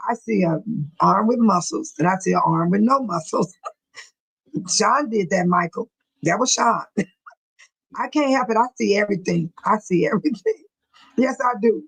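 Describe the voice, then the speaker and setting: A woman's voice: medium pitch, animated, moderate pace, pauses often, husky, poor audio. A woman hosting a casual livestream, reading viewer comments aloud and teasing her viewers. She giggles often between her remarks. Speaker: livestream host.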